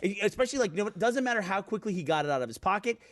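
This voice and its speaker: Fast-talking man, casual chat. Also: high voice, lively intonation. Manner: exasperated, swearing storyteller. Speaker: podcast regular.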